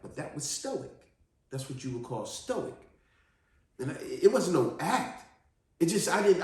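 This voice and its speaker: A man telling a personal story in an earnest, animated monologue, often restarting his sentences. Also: fairly high pitch. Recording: very echoey room.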